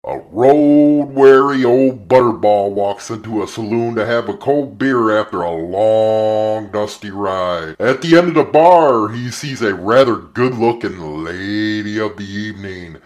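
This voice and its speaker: Give me a man telling a bawdy joke slowly on the radio. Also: lowish voice, soft background music. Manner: drawn-out, animated joke delivery. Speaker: radio host.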